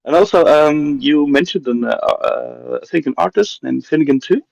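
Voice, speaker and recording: A just-woken man with a gravelly, croaky voice asks his questions in a friendly, hesitant way. His voice sits close and dry, with no room around it. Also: a little high, lively intonation, normal speed, darkish tone, dry recording, poor audio. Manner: friendly, hesitant, laughs often. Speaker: fan asking questions. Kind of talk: casual chat.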